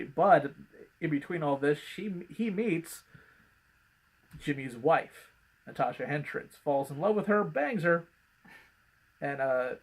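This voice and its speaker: A man co-hosts a podcast in an easygoing, rambling way. He circles back on himself, fills pauses with ums and uhs, and restarts his sentences as he talks. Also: mid-range voice, creaky. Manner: rambling, with many fillers and restarts. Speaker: podcast co-host. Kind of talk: casual chat.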